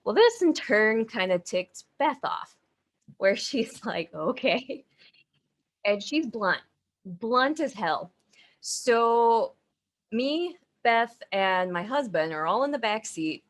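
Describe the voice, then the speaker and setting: A woman's voice: medium pitch, lively intonation, slow pace. A woman co-hosting a podcast, telling a story in a casual way, laughing often and swearing freely. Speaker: podcast co-host.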